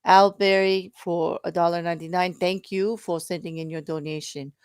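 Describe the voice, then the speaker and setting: A woman's voice: on the low side, steady tone, moderate pace, clear, resonant tone, no echo, studio quality. South African woman reading donations. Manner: reads donor messages, laughs easily. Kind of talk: casual live-stream chat.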